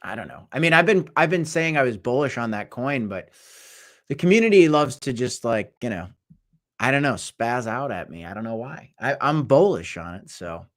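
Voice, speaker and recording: A young man hosting a casual crypto livestream, talking in a rambling, animated way that swings between loud and quiet. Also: medium pitch, moderate pace. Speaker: crypto show host. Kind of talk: casual livestream market chat.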